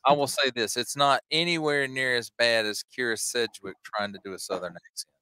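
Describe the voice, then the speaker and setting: A man co-hosting a podcast, joking and chiming in with quick agreement. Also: mid-range voice, steady tone, pushed and bright, clear, resonant tone, no echo, rough recording. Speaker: podcast co-host. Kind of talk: casual chat.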